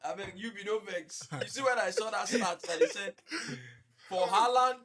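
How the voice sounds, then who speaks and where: Nigerian man, high voice, podcast host, teasing, Pidgin mixed in. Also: normal speed, a bit bright. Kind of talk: casual group chat.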